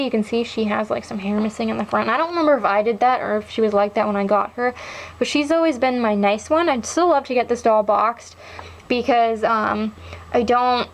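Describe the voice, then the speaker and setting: A woman's voice: fairly high pitch, slight background noise, rough recording. A young adult woman chatting casually as she shows off her doll collection, rambling with lots of fillers. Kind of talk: casual show-and-tell chat.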